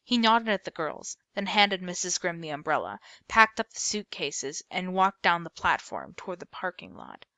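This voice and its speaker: A woman reading a novel aloud as a storyteller, steady with small slips and self-corrections. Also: lowish voice, normal speed, few pauses, dry recording.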